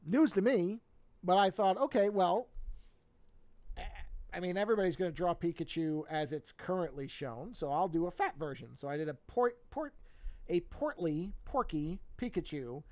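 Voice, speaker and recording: A man's voice: high-pitched, expressive, normal speed, a little mellow. A man in his forties who chats casually while drawing on a live stream, rambling and correcting himself as he goes. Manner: rambling, self-correcting, chatty asides. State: yawning, a bit sleepy. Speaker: artist streaming a drawing session.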